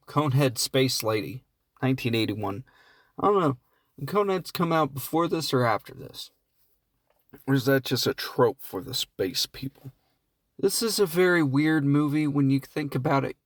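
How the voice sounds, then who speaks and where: A man casually and comically recapping a movie plot, rambling and profane, often slipping into quick quoted voices. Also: medium pitch, no echo, clean studio sound. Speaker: podcast host reviewing films.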